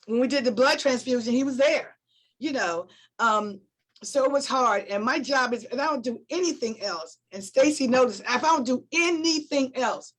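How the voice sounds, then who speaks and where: A woman's voice: sits high, low-quality recording. A woman guest on a talk show, speaking earnestly and emotionally about supporting a friend and repeating her points for emphasis. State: emotional, near tears.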